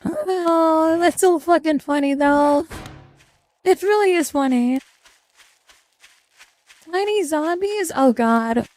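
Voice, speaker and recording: A woman streamer reacting to a game as she plays, swearing constantly and yelling at enemies. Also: very high voice, slow pace, long pauses, soft background music. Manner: profane, yelling, reacting loudly. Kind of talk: live gameplay commentary.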